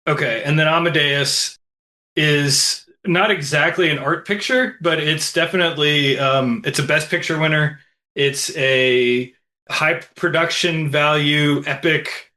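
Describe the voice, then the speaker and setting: A man co-hosting a film podcast, explaining things in a measured, conversational way with some filler pauses. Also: a little high, bright, forceful tone. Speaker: podcast co-host. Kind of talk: casual film podcast chat.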